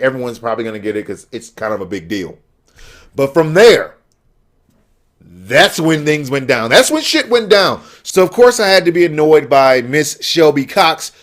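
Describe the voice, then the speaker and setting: A man ranting heatedly about a gaming event, exasperated and sarcastic. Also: mid-range voice. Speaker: gaming vlogger. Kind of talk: angry rant.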